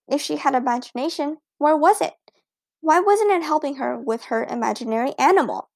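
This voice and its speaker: A woman reads a children's storybook aloud with lively expression. Her voice is high and has a touch of vocal fry. The recording is close and very dry. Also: no echo. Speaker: audiobook narrator. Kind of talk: storybook narration.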